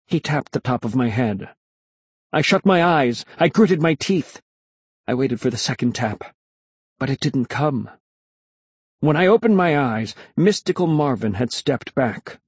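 Slow, lively-voiced male storyteller. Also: mid-range voice, breathy edge, no room sound. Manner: measured, expressive storytelling. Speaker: narrator. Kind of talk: scripted storybook narration.

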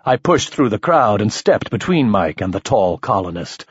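Man, first-person story narration, low husky voice, animated delivery, dry lo-fi sound. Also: normal speed, no room sound. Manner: expressive, shifting voices for characters. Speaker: audiobook narrator.

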